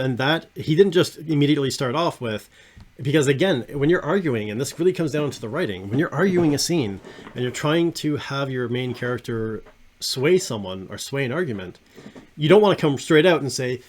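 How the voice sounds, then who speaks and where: A man hosting a podcast, talking casually and enthusiastically about an animated series, often trailing off quietly at the ends of phrases. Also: mid-range voice, brisk. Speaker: podcast host.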